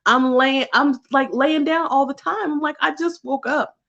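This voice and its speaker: A woman with a fairly high voice talks through a casual spiritual vlog as an energy healer. She is animated, laughs often and swears freely. She jumps into bright put-on voices when she acts out what others say. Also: normal speed, creaky, highs cut off.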